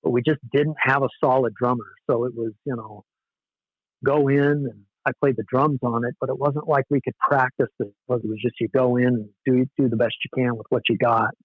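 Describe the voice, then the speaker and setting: This podcast guest, a Southern California man in his forties, spins relaxed anecdotes and often pokes fun at himself. He speaks a little fast in a steady, mid-range voice, captured on dull, dry lo-fi podcast audio.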